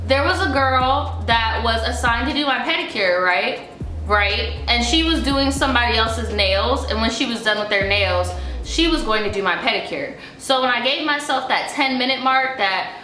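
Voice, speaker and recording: A young woman telling a storytime vlog in a sassy, profane, animated way, in an echoey room with faint music. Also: on the high side, normal speed. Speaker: vlogger.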